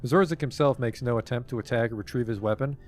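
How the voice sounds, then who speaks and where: A man's voice: medium pitch, fast talker, soft background music. A young man streaming a game, reading its narration aloud and dropping wry asides.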